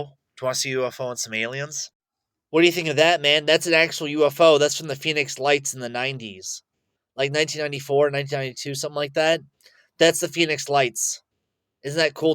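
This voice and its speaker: A young man rambling boastfully to camera, excitable, swinging between loud bursts and mutters. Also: fairly high pitch, smooth. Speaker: vlogger.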